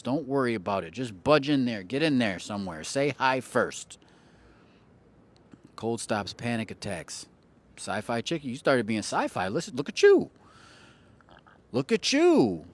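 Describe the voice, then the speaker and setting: A man hosting an astrology livestream in casual chat, playful and teasing with viewers, often repeating phrases for effect. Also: medium pitch.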